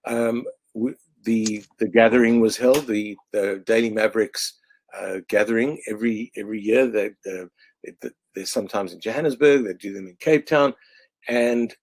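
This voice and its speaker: A man from South Africa, a cartoonist walking an online audience through his cartoons in a halting way, with many restarts. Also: mid-range voice, a little mellow, no echo. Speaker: cartoonist presenting his annual.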